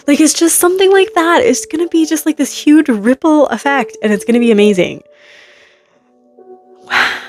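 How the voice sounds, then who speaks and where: A woman giving a casual, rambling tarot reading to her viewers, acting out imagined reactions in quick quotes. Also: sits high, soft background music. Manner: rambling, animated, full of hypothetical quotes. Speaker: tarot reader.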